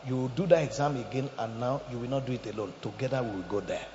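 A man preaching a sermon as pastor, swinging between shouts and hushed tones. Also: medium pitch, fast talker, slight background noise. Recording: echoey hall, muffled sound.

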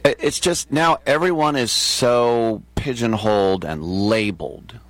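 A man's voice: mid-range voice, a little slow, fairly bright tone, dry recording. A man hosting a talk show in a casual, digressive monologue, chuckling at his own asides.

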